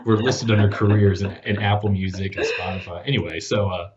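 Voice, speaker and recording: Low-voiced man rambling through a story. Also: fairly even intonation, a little fast, heavy background noise. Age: 40s. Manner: rambling, filler-heavy, acts out dialogue. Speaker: podcast host as guest. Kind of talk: casual storytelling interview. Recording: dull lo-fi podcast audio.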